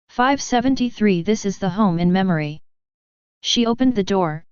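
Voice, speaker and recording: A woman reading a fanfiction audiobook in a steady storytelling manner. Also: medium pitch, clean tone, no echo. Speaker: audiobook narrator. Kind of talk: scripted narration. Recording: dry, dull lo-fi recording.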